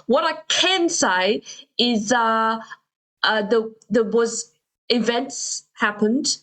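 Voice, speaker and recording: A woman's voice: on the high side, slow pace, fairly bright tone, poor audio. A woman playing an evasive senior civil servant in a put-on South African accent, rambling and giggling. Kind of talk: improvised comedy role-play.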